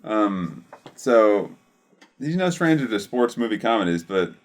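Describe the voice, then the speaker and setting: A man co-hosting a podcast, recalling movie scenes in a relaxed way with frequent ums. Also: fairly low pitch, unhurried. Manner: easygoing, lots of ums and uhs. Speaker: podcast co-host. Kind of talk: casual chat about movies.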